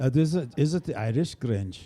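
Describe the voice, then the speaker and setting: An older man chats from a small stage, rambling through introductions with plenty of jokes. His voice is mellow and dark, sitting at an ordinary pitch. He sounds relaxed and easygoing, like a bandleader at home with his audience. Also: a little fast. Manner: jovial, rambling, joking. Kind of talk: casual stage banter. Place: small performance space, live audience. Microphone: stage microphone.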